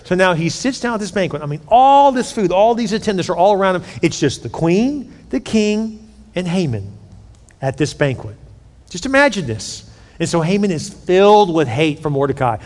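A pastor in a big echoing hall, preaching and retelling an old story with a lot of life. His voice sits high for a man, and he jumps into the characters' lines as he goes. The reverb trails long behind him. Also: sing-song, moderate pace, darkish tone. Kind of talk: sermon.

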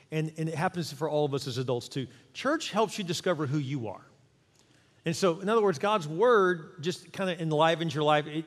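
A middle-aged male pastor preaching in a church sanctuary with a fairly high voice. He keeps it conversational and animated and acts out little quotes. His words ring on in a long hall reverb. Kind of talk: sermon.

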